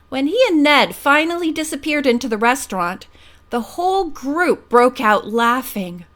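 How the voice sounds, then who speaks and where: A woman reading a children's mystery audiobook as narrator, in lively storytelling. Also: high-pitched, moderate pace. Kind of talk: scripted narration.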